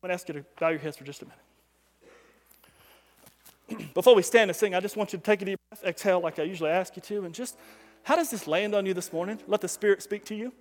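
A man preaching as a pastor on a Sunday morning, telling a story with animation and swinging from loud calls to hushed asides. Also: high-pitched, fast talker, long pauses. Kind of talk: sermon. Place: church sanctuary. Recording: long hall reverb.

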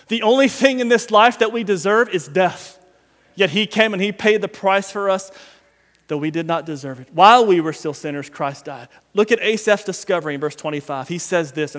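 High-voiced male preacher in a reverberant hall. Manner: preaches with swings from quiet to loud emphasis, addresses the congregation directly. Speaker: pastor. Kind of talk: sermon. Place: church sanctuary.

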